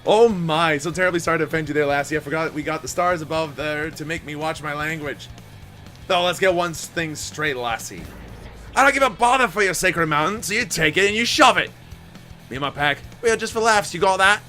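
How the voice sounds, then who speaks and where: A man doing a rowdy beast-man anarchist, mock Scottish accent, high raised voice, bright tone, jeering. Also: fairly quick, faint music behind. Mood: taunting. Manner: rowdy, taunting, shouty. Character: brash anarchist male beast-man gang leader.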